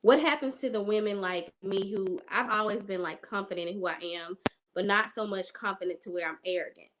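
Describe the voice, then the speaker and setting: A woman's voice: medium pitch, a little fast, background noise. A woman taking part in a casual group discussion, speaking thoughtfully and searching for her words. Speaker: discussion participant.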